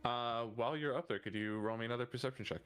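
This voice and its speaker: A man acting as game master, describing scenes casually with halting fillers and frequent swearing. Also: mid-range voice, a bit bright, clear, resonant tone, soft background music. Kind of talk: running a tabletop game.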